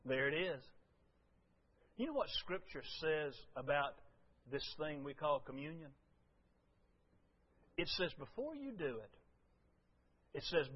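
A man preaching a folksy, storytelling sermon to his congregation, swinging from loud to hushed. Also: fairly high pitch, sing-song, a little slow, long pauses, slightly rough, muffled recording. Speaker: pastor.

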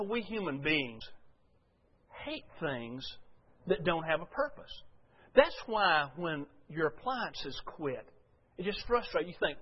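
An older man preaching a sermon as pastor, telling folksy stories and swinging from loud to quiet. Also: high-pitched, sing-song, a little slow, husky. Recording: dull lo-fi sound.

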